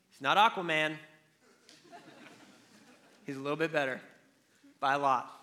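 A man's voice: high-pitched, pushed and bright. A man preaching a casual, humorous sermon in a church after opening with a prayer, acting out the disciples' lines. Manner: casual and joking, acts out the disciples. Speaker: pastor. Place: church hall.

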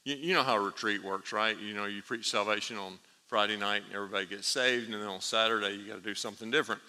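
A man preaching a sermon, telling a story with lively animation and laughing at his own tale. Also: lowish voice, fast. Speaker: pastor. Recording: reverberant hall.

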